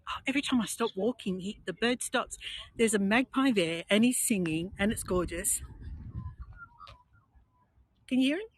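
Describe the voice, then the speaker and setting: An Australian woman guiding a live walking tour outdoors on a coastal headland, talking in a chatty, meandering, gentle way into a handheld phone. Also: medium pitch, normal speed, long pauses, low-quality recording. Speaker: tour guide.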